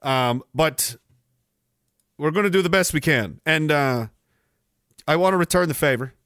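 A sarcastic, foul-mouthed podcast host with a high, bright voice. He rants casually and swings his pitch all over the place, breaking into loud laughter. The sound is dry and close. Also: unhurried, no room sound. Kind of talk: casual livestream rant.

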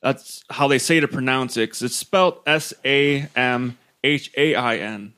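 A man's voice: medium pitch, unhurried, sharp tone. A male podcast host in casual chat, rambling and profane, often laughing as he talks.

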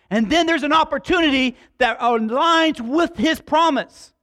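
A man preaching a sermon, telling a story dramatically, acting out the dialogue and shouting for emphasis. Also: very high voice, a little slow, hardly any pauses, dry recording, studio quality.

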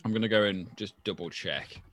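A man's voice: on the low side, a little fast, fairly bright tone, a little hiss or hum. A man co-hosting a casual podcast, joking around and reading listener mail aloud. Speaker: podcast co-host.

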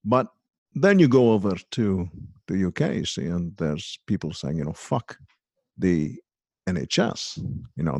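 A man's voice: fairly low pitch, a little mellow, dry recording, exaggerated voice. A man putting on a crude, boastful aging male film star, rambling through profane rants. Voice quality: gravelly, husky. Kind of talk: comedic impression in a podcast chat.

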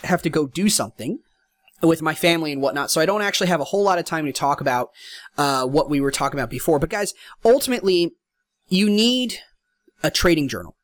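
A young man hosting a podcast, giving casual, repetitive advice in a relaxed solo monologue. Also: fairly high pitch, dry recording. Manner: informal, advice-giving, repeats points. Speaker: podcast host.

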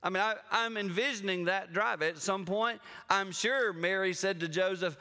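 A man's voice: sits high, moderate pace. A man preaching a sermon as a guest speaker. He tells stories animatedly and speaks straight to the congregation. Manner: animated storytelling, addresses the congregation directly. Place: church auditorium with an audience. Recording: long reverb of a large hall.

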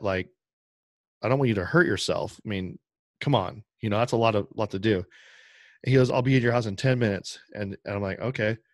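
A man's voice: on the low side, no room sound, clean studio sound. A man on a podcast telling a long, rambling story in casual chat, acting out the other people's lines as he goes. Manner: rambling, animated anecdote with quoted dialogue. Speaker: podcast co-host.

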